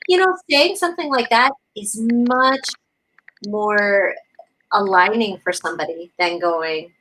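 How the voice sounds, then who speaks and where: A woman co-hosting a casual spiritual chat, talking in a gentle, encouraging way and often asking "right?". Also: fairly high pitch, expressive, a little slow, low-quality recording. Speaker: co-host.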